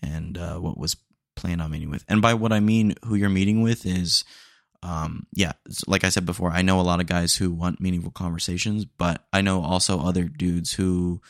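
A man's voice: sits low, fairly even intonation, normal speed, no room sound, studio quality. A young man hosting a solo podcast, talking in a candid, rambling way with casual slang and small jokes. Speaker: podcast host.

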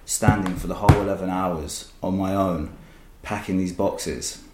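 A man's voice: low voice, steady tone, moderate pace, echoey room, over loud music. A man casually telling stories as a podcast guest, rambling and swearing freely. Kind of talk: casual storytelling.

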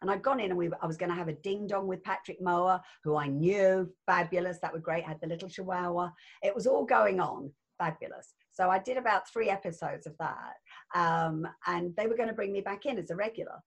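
An older actress chatting as an interview guest, effusive and laughing often, with a husky voice. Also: female voice, on the low side, brisk. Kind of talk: casual interview chat.

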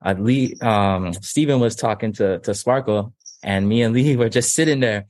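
A man with a low voice recounts a story in a laid-back, casual interview. His speech meanders, with many "like"s and "um"s along the way. The recording is dry and close. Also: normal speed, dry recording. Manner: relaxed storytelling full of "like" and "um". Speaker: reality dating show cast member.

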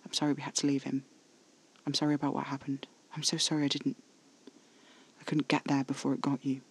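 A man voicing a brooding, restrained vampire who speaks quietly and tightly. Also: medium pitch, level tone, normal speed, vocal fry, natural voice. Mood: remorseful whisper. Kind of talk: audio drama reading.

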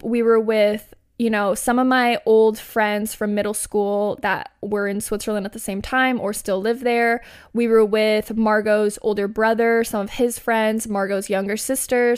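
A woman's voice: fairly high pitch, clear, resonant tone. A woman in her twenties hosting a podcast, chatting through a funny personal story with lots of "like" and laughs. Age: 20s. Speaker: podcast host. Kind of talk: casual storytelling.

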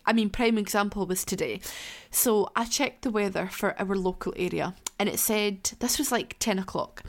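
A woman hosting her own podcast from her living room, talking in a candid, chatty way and laughing and swearing freely. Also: medium pitch. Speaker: podcast host. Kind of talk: casual solo podcast chat. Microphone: laptop beside her.

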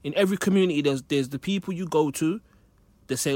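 A man's voice: a little high, fast, no echo. A British man in a casual discussion, making his points through stories and examples, his voice a little cracked. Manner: thoughtful, builds points with examples.

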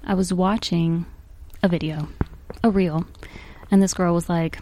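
Female guest, mellow tone, dry close mic, wry and low-key. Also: expressive, moderate pace, vocal fry, no echo. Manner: quiet, wry asides. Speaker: podcast guest. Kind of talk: casual chat.

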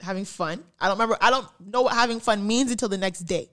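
Quick-paced and fairly bright in tone, her voice sits in the mid range. The young podcast co-host chats casually through a story, laughing frequently and doing the voices of the people in it.

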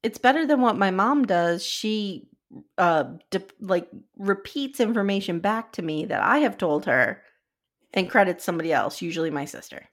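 A woman's voice: medium pitch, moderate pace. A woman co-hosting a podcast, chatting casually and retelling scenes with quoted lines. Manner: animated storytelling, recapping scenes with quoted lines. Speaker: podcast co-host. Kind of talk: casual chat.

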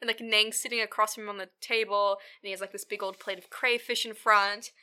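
A woman's voice: medium pitch, flat delivery, brisk, sharp tone, smooth. A woman podcast co-host in casual chat, recapping a series in a rambling way full of fillers.

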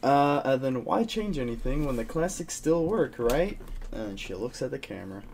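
Gravelly young man rambling casually. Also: medium pitch, very animated, normal speed, a little mellow, slight background noise. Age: young adult. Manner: rambling, loose, swears casually. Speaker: podcast co-host. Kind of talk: casual pop-culture chat.

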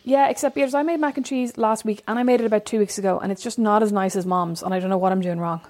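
A woman's voice: medium pitch, steady tone, quick pace, darkish tone. A woman co-hosting a casual chat, rambling and storytelling. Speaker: podcast co-host. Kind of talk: casual chat between sisters.

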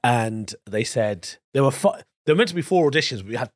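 A man's voice: medium pitch, expressive, brisk, no echo, studio quality. A man from East London, a comedian co-hosting a podcast, telling stories in a playful, teasing way. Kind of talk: casual comedy chat.

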